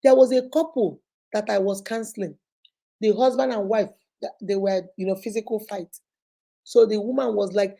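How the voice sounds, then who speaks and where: A woman, a relationship counselor, telling stories and giving advice in a lively, preachy way. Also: mid-range voice, normal speed. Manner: animated, preachy, acts out people in her stories. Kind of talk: storytelling advice talk.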